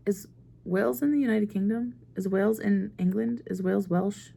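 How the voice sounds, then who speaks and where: A woman's voice: medium pitch, moderate pace, creaky, warm tone. A young American woman chatting casually on her book vlog, rambling and often laughing at herself. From United States. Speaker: book vlogger. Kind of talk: casual chat.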